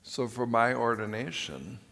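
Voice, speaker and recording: An older priest tells a long personal story from the pulpit, folksy and unhurried. He talks slowly at a middle pitch, with plenty of pauses. His voice rings through a large church with a long trailing echo. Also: expressive, vocal fry, fairly bright tone. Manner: folksy, rambling anecdotes with frequent pauses.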